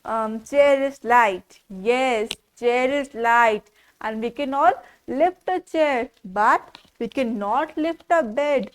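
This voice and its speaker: A woman teaches a class of small children. Her voice sits high, and she speaks slowly, repeating each word in a sing-song rhythm and stopping often to ask questions. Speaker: preschool teacher.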